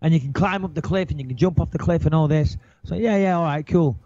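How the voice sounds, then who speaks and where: A high-voiced man tells a story in a casual interview, swearing a lot. He throws himself into it and acts out his own panicked thoughts. The recording sounds dry and a little dull. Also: quick pace, mellow, no room sound. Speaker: interview guest.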